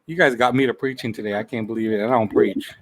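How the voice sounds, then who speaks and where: Heartfelt host on the verge of tears. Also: male voice, fairly low pitch, steady tone, fast talker, dry recording. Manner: heartfelt, repeats phrases, says he is near tears. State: close to tears. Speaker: talk show host. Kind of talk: emotional live-stream chat.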